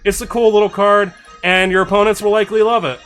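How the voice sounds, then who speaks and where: On a casual live stream, a man reviews card suggestions from viewers, cheerfully reading them into a desk microphone and thanking followers. His voice is high and fairly bright with little pitch movement, and he reads card text quickly and enthusiastically over soft background music.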